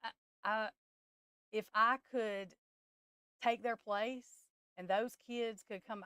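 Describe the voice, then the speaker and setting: A woman's voice: fairly high pitch, steady tone, slow pace, pauses often, bright, forceful tone, smooth, no room sound, studio quality. A woman who hosts a tarot live stream, talking in a casual, emotional and blunt way that rambles.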